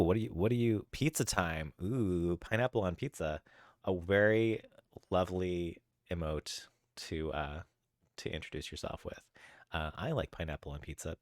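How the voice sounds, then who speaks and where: A man's voice: low voice, dry recording, studio quality. A man streaming live, chatting casually with viewers while coding and getting sidetracked. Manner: easily sidetracked, greets chatters by name; chatty, thinks aloud while searching.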